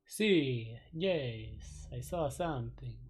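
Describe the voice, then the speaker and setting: A man voicing a frightened, addled male street shaman in a put-on vampire-like accent, halting and repeating his words. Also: mid-range voice, animated, slightly rough, exaggerated voice.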